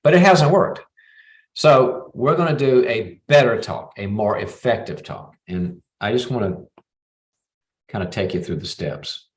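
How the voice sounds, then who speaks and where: With a mid-range voice, lively intonation and an unhurried pace, this middle-aged man runs a live advice show as a psychologist host. He coaches callers in a warm way and plays out both sides of a talk himself.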